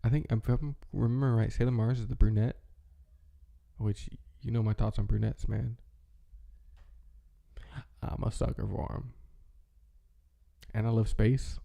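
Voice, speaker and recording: A man in his thirties hosting a relaxed monologue, rambling with lots of fillers as he reminisces nostalgically. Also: fairly low pitch, a little slow, creaky, pauses often. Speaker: channel host.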